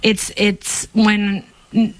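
A woman's voice: mid-range voice, completely flat delivery, extremely slow, no room sound. A woman on staff at a law firm, talking casually and earnestly as a radio guest, with many fillers. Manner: rambling, heartfelt, many fillers.

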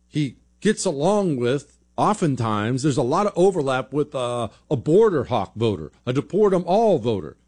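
A man's voice: mid-range voice, sing-song, normal speed, few pauses, a little mellow, slightly rough. A man hosting a political talk show, giving blunt, sarcastic opinion commentary in a conversational way.

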